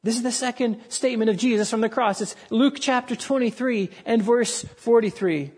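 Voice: medium pitch, moderate pace, a little mellow, breathy edge. A preacher giving a sermon to a congregation, speaking earnestly and with emphasis.

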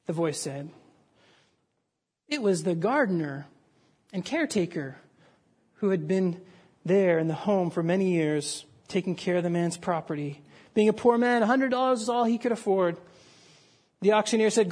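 Preacher telling a story. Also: male voice, sits high, normal speed, a little mellow. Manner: dramatic storytelling, voices raised for the crowd. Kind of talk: sermon with a told story.

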